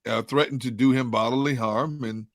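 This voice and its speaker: A man with a Philadelphia accent speaks in a measured way on a sports talk show, his voice at a middle pitch. The sound is dry and close, with no room echo. He pauses often with ums and uhs. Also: fairly even intonation.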